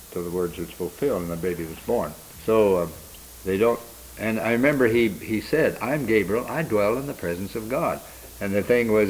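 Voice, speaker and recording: Man, very low voice, Bible study teacher; meandering delivery, faint tape hiss. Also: darkish tone, rough recording. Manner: rambling, unhurried, with frequent restarts and fillers.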